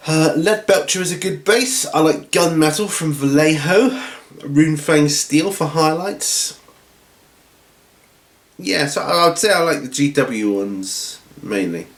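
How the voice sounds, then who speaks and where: A man hosting a hobby channel from home, chatting casually through viewer questions in a rambling, relaxed way with lots of ums and restarts. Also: a little high, measured pace. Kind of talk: casual Q&A chat. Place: at home, seated with feet up. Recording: roomy room echo.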